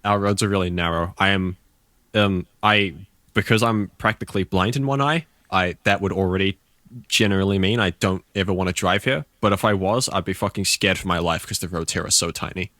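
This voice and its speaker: A man's voice: low-pitched, fairly quick, fairly bright tone, no room sound. A man with a New Zealand accent, chatting casually as a podcast guest in a laid-back, rambling way. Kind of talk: casual chat.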